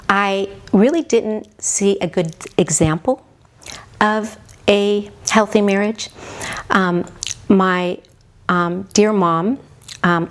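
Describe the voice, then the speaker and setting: A woman in her sixties, a podcast guest, telling her own story in a halting, heartfelt way that often drops toward a whisper. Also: medium pitch. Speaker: podcast guest, mother of the hosts. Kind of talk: reflective personal storytelling.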